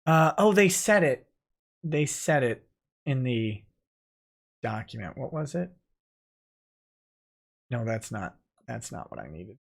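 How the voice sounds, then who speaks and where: A man's voice: mid-range voice, very animated, slow, gravelly, long pauses. A man, a lawyer hosting a late-night livestream, reading viewer comments aloud and joking about them in a casual, wry way.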